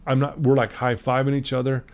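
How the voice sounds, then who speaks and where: Mid-range and fairly quick, a middle-aged man from Utah talks as a guest in a casual podcast interview. He's an animated storyteller recounting something personal and acting out the voices of the people he describes.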